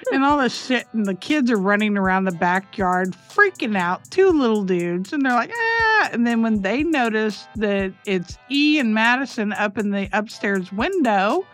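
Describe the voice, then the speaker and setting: A woman co-hosting a podcast, telling stories in a casual, animated way, swearing and acting out voices. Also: medium pitch, normal speed, few pauses, soft background music. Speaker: podcast co-host. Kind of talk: casual chat.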